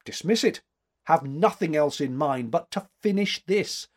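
Man doing curt elderly woman critic, storybook reading, commanding, lively rising lines, a husky edge. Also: a little high, unhurried, pitched above the performer's own voice. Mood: brisk commanding. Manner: curt, commanding, searching questions. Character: sharp, imperious elderly woman art critic.

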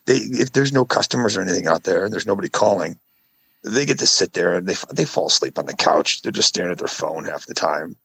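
A man's voice: animated, fast, creaky, a bit bright, slightly rough, low-quality recording. A man in his forties co-hosting a casual podcast, telling rambling stories and acting out quotes in a raised voice. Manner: rambling storyteller, acts out quotes in a high voice. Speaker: podcast co-host. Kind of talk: casual chat.

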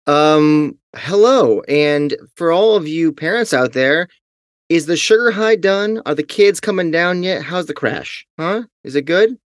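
A man's voice: on the high side, animated, a little slow, no room sound, studio quality. A man co-hosting a podcast in casual chat, joking and poking fun at himself, with many ums and uhs. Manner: jokey and self-mocking, with many fillers. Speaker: podcast co-host.

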